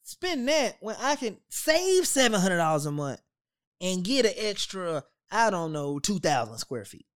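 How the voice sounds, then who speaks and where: Animated joking man with a drawl. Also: high-pitched, unhurried, clean tone. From Southern United States. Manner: animated, joking, swears freely. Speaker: podcast co-host. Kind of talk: casual podcast chat.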